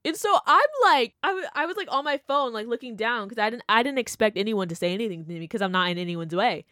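A young woman telling a story in casual chat, animated and full of fillers, acting out what people said. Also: a little high, fast talker, no room sound, clean studio sound. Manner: animated, chatty, full of "like" and laughter, acts out quotes. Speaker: vlogger.

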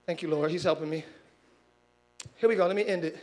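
A pastor with a slightly high, slightly quick voice preaches a sermon, shouting out to his congregation and urging them to answer back in call-and-response.

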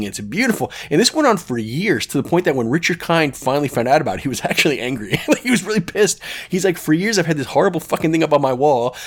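Rambling, enthusiastic man hosting a podcast. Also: mid-range voice. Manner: rambling, enthusiastic storytelling, swears casually. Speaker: podcast host. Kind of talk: casual podcast monologue.

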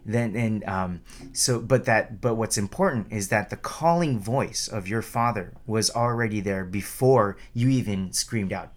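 A man's voice: lowish voice, unhurried, a bit bright. A man giving an informal Buddhist dharma talk in a conversational way, tagging sentences with "right?" and restarting often, raising his voice when acting out the quoted calls. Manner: conversational, keeps asking "right?", restarts and repeats words; acts out quoted calls with a raised voice.

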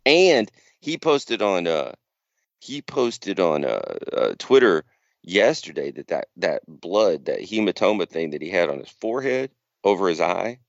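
A man's voice: low voice, big pitch swings, unhurried, creaky, no room sound, highs cut off. A man co-hosting a podcast, casually rambling through a story. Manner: rambling storyteller, acts out quotes. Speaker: podcast co-host. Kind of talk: casual chat.

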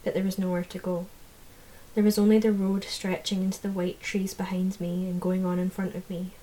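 A woman narrating a fantasy audiobook in the first person, in a measured, low-key way. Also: flat delivery, mellow, slight background noise, rough recording.

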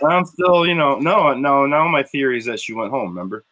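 A man's voice: mid-range voice, expressive, a little fast, bright, forceful tone. A man from Illinois, co-hosting a casual podcast chat about a TV show and rambling as he tells stories. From Wilmington, Illinois, USA. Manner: rambling, repeats himself while telling stories. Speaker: podcast co-host.

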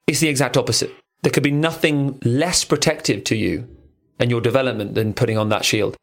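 Playful, animated podcast co-host man. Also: medium pitch, fairly quick. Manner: animated storyteller, playful and crude. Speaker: podcast co-host and relationship coach. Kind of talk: casual podcast chat. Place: recording studio.

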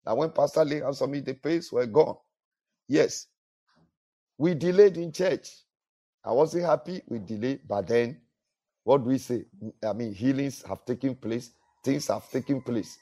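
A man's voice: mid-range voice, dark tone. A male pastor preaching a sermon, earnest, with repetitions and restarts.

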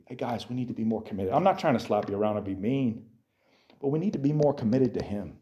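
In lo-fi sound, a fast-talking man with a medium-pitched voice preaches to a youth group. He's animated, alternating quiet talk with shouting while speaking directly to his audience.

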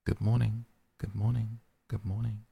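A man's voice: on the low side, flat delivery, moderate pace, creaky, dark tone, breathy edge, voice pushed up, exaggerated voice. A man voicing a fading mountain echo. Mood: hollow. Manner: repeating, fading. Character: mountain echo, hollow, repeating. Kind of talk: audiobook reading.

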